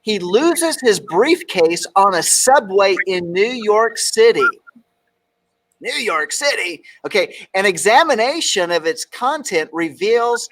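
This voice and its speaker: Man, from texas, talk show host, jokey, raised pitch, reads quotes with emphasis. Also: a bit bright. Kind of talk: casual talk show banter.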